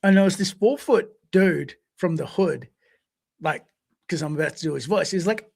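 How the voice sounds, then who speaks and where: A man co-hosting a podcast, telling stories casually in an animated way, swearing freely and acting out voices. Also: on the high side, normal speed, gravelly. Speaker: podcast co-host. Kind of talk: casual storytelling.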